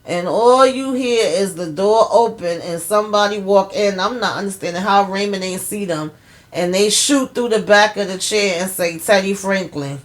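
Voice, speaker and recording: A woman casually recapping a TV episode for her viewers, animated and chatty, acting out characters' lines. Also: moderate pace. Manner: animated storytelling, acts out characters' lines with pitch jumps; chatty, addresses viewers as y'all. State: tired. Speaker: TV recap host.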